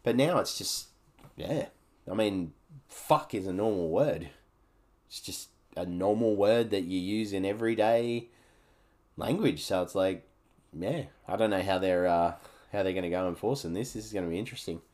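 A man's voice: deep voice, moderate pace, darkish tone. An Australian man in his thirties, hosting his own podcast in a rambling, frank chat that swears freely. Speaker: podcast host. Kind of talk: casual solo podcast chat.

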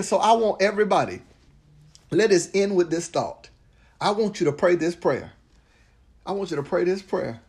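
High-voiced preaching man. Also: normal speed, long pauses. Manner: preachy, repetitive, breaks into laughter and rising excitement; leads the congregation in a call-and-repeat prayer. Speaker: pastor. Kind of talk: sermon.

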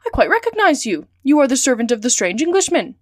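A sly, cautious agent, read by a woman asks careful, measured questions in a storybook reading. The voice is fairly high and close, with a dry sound. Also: big pitch swings, no echo. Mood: probing.

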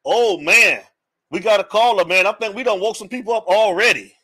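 High-voiced man hosting a sports podcast. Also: fairly quick, sharp tone, breathy edge. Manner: hypes and greets chat viewers by name, repeats phrases. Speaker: podcast host. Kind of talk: casual live-stream sports talk.

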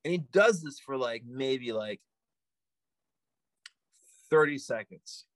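Animated man telling a story. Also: medium pitch, slow, no echo, poor audio. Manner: animated, repeats himself, many "like" fillers. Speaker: podcast guest. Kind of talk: storytelling in casual chat.

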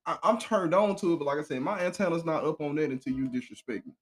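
A high-voiced man talks in a very lively way, his pitch climbing and dropping as he tells a story. He acts out the people in it and swears freely. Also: quick pace. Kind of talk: casual chat.

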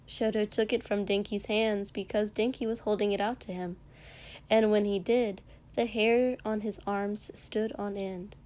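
A woman reading a fan fiction story aloud in a soft, measured narration with occasional small slips. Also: mid-range voice, steady tone.

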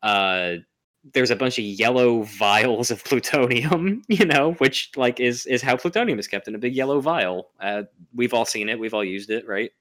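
A man's voice: medium pitch, moderate pace, a bit bright. A man hosting a casual podcast, recapping a film with rambling asides and lots of fillers. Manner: rambling, many fillers, laughs often. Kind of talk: casual chat.

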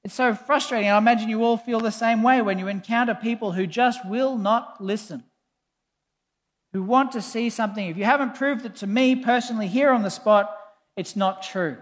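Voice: medium pitch, moderate pace. A preacher giving a conversational, emphatic sermon, often sounding exasperated. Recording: long hall reverb.

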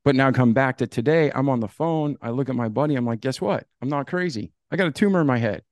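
Guest storyteller: man, mid-pitched voice, animated and casual, acts out dialogue, dry close mic. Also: fast talker, no room sound. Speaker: podcast guest.

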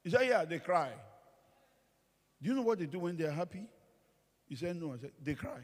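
A male pastor's humorous sermon rings through a church hall with a large space's long reverb. He speaks at normal speed in a voice on the high side, animatedly telling stories and impersonating the people he quotes.

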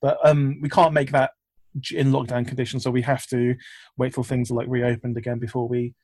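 A man's voice: medium pitch, level tone, brisk, a little mellow, no room sound. A man, a filmmaker, chatting casually in an interview, rambling with lots of fillers and restarts. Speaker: filmmaker guest.

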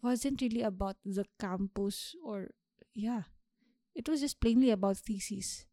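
A young woman hosting a solo podcast, talking through her thoughts in a reflective, unhurried way with small restarts. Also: medium pitch, dark tone. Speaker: podcast host.

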